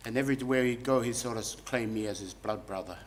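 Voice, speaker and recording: A man's voice: mid-range voice, quick pace, a little hiss or hum. Rambling New man giving a eulogy. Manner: rambling, folksy storytelling. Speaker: funeral director and celebrant. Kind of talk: funeral eulogy. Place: funeral service.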